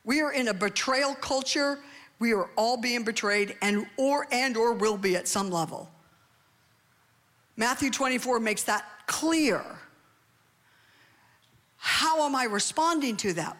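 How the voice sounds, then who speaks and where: A middle-aged woman pastor preaching a sermon with animated delivery, often calling for amens from the congregation. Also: fairly high pitch. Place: church hall. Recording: long reverb of a large hall.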